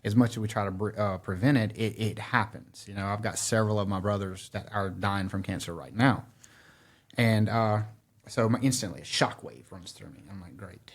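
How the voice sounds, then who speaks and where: Middle-aged man, podcast guest, animated storyteller, lowish voice. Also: moderate pace. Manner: animated storyteller who acts out his own quotes. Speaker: podcast guest, former firefighter. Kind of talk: storytelling in casual conversation.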